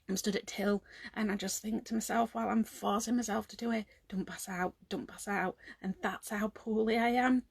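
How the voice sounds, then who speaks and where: Woman in her thirties, worn out and close to tears, rambling to her phone, dry close sound, some vocal fry. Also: a little high, no room sound. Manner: rambling and heartfelt, fighting back tears at times. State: exhausted. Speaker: vlogger. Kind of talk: emotional confessional vlog.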